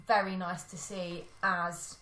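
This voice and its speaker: A woman's voice: lowish voice, flat delivery, slow pace, sharp tone. A woman chatting casually about films as a podcast co-host, thinking aloud and apologising for rambling. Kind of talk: casual film chat. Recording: echoey room.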